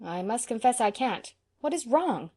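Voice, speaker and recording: A woman's voice: fairly high pitch, very animated, moderate pace, warm tone, breathy edge, voice pushed up. A woman reading an audiobook, voicing a practical young man who speaks in a matter-of-fact, reassuring way. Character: sensible young man student, friendly and practical. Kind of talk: audiobook character voice.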